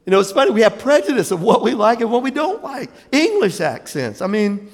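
A pastor preaching in a reverberant church hall, his voice high for a man and full of gravelly fry. He tells stories with animation, breaks into laughing asides and acts out the people he quotes. The long reverb of the sanctuary trails after each phrase. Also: big pitch swings, a little fast. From Jacksonville, Florida, USA. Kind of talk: sermon.

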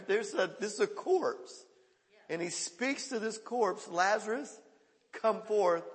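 A male pastor preaching a sermon, swinging between loud calls and hushed quoted lines. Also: a little high, in a large hall.

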